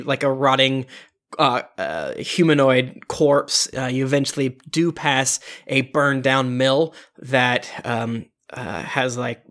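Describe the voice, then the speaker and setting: A man narrating as game master of a tabletop game, halting with many fillers and restarts. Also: mid-range voice, fairly bright tone.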